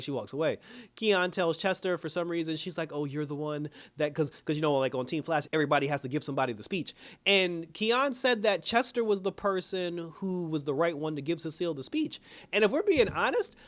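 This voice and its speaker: A man reviewing a TV episode in a casual, animated way, acting out the characters' lines and laughing often. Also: fairly high pitch. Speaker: show reviewer.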